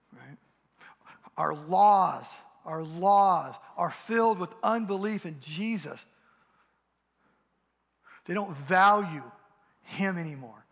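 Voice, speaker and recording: Preaching a passionate sermon in long hall reverb, a pastor with a fairly bright voice on the high side rises and falls as he drives his points home. Along the way he acts out mocking voices.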